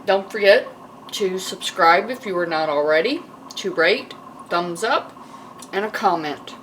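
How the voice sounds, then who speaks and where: A woman's voice: on the low side, animated, measured pace, a bit bright, a little hiss or hum. A woman hosting a casual cooking vlog in her home kitchen, chatting and rambling as she thinks aloud. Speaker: home cook and channel host. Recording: distant mic, kitchen clatter behind.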